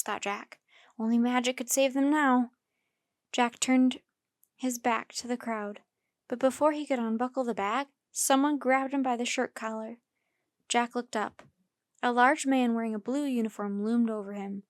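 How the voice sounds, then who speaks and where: A woman reading a children's chapter book aloud as a storyteller, breaking into loud, high shouts for the characters' cries. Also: steady tone, normal speed, dry recording, studio quality.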